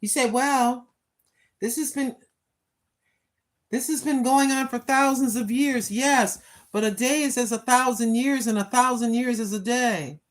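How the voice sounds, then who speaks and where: A woman's voice: on the high side, fairly even intonation, unhurried. An older woman talking casually and preachily while live-streaming on a walk, recorded on her phone. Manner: chatty, preachy, talks to herself. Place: outdoors on a walk.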